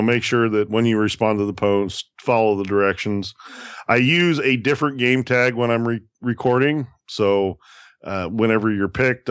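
A man's voice: lowish voice, clean tone, no echo, clean studio sound. A man co-hosting a casual gaming podcast, explaining things step by step in a loose way with frequent restarts. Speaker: podcast co-host.

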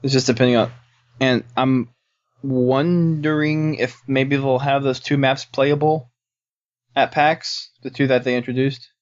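A man with a middle-pitched voice co-hosts a casual gaming podcast. He argues his points firmly and corrects the others. The sound is dull and lo-fi. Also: steady tone. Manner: insistent, quick to correct others.

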